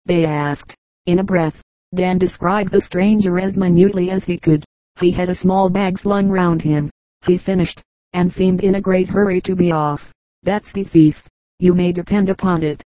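A woman reading a children's story aloud as an audiobook narrator, in an even, measured way. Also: on the low side, no room sound, rough recording. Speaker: audiobook reader. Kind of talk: scripted narration.

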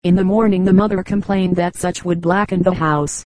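A woman narrates old folk tales in a calm, measured storytelling voice. Her voice sits low and stays level, with a mellow, unhurried warmth. The recording is close and dry, with no room sound. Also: no echo, poor audio. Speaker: audiobook reader.

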